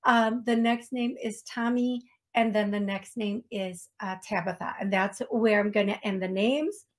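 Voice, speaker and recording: Lady hosting a psychic stream, talks slow and chatty, laughs at herself, mid-pitched. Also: fairly even intonation. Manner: slow, chatty, self-deprecating with small laughs. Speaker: psychic medium show host. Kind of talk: live-stream talk show, reading out names. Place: talking to viewers on a live stream.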